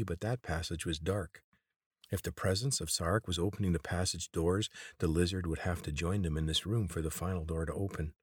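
A man reading a chapter book aloud in steady, measured storybook narration. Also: low voice, slightly rough, dry recording, clean studio sound. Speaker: audiobook reader.

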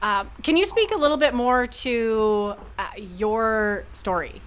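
A woman hosting a podcast asks questions in a casual interview chat, sounding hesitant and using lots of fillers. Her voice is fairly high, and she takes it slowly.

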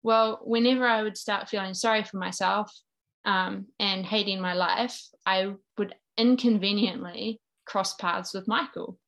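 Speaking at a measured pace in a steady, medium-pitched voice that's gravelly and fairly bright, a woman in her thirties tells her faith story. She's from New Zealand, has its accent, and talks earnestly as an interview guest.

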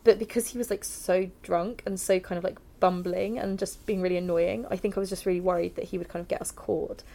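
A woman's voice: fairly low pitch, fairly even intonation, brisk, vocal fry, dark tone. A young woman, telling a personal story frankly in an interview, filling her talk with "like" and laughing here and there. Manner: frank, heavy use of "like", laughs while talking. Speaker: interview guest.

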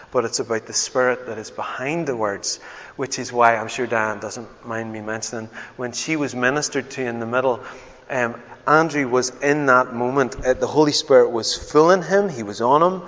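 A man preaching a sermon as pastor, swinging from loud exclamations to hushed, tender words. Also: mid-range voice, normal speed. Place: church hall. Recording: dull sound with long church reverb.

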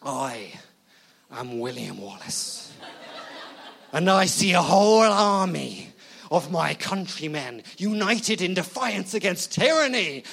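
A defiant rebel leader, as a preacher puts him on, shouts to his army in an attempted Scottish accent. His voice is loud and slow, like a battle cry. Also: sits high, very animated, gravelly, heavily acted.

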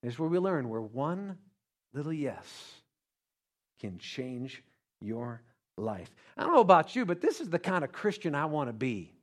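A male pastor preaching a sermon, animated and joking, calling out to the congregation. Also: a little high, brisk.

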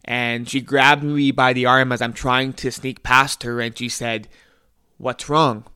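A man's voice: mid-range voice, level tone, a little slow, bright, forceful tone, smooth, no echo, studio quality. A young man hosting a podcast, telling a personal story in an earnest, reflective way with small restarts. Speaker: podcast host.

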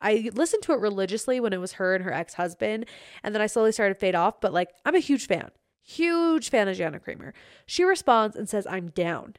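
A young woman hosting a solo podcast, chatting in an excitable, gushing way. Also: medium pitch, a little fast, no echo, studio quality. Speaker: podcast host.

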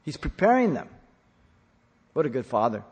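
A male preacher teaching from scripture, swinging between loud, emphatic stresses and low, quiet asides. His voice is slightly husky at a middle pitch. It carries a long hall reverb, as if recorded in a large church. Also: very animated, moderate pace.

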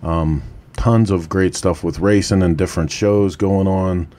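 Deep-voiced, laid-back male show host. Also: fairly even intonation, unhurried, warm tone. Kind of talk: casual live-stream chat.

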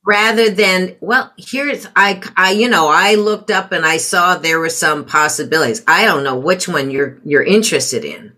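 A woman's voice: on the low side, normal speed, hardly any pauses, sharp tone. A middle-aged woman advising on parenting in a conversational interview, reflective and acting out quoted remarks in changed voices. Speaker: parenting guest.

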